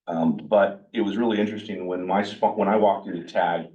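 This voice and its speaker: A man speaking casually to a workshop group about recovery, blunt and animated, sometimes acting out the things people said to him. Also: low-pitched, brisk, recorded from a distance, lo-fi sound. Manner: blunt, animated, acts out his own quoted dialogue. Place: meeting room with a live group.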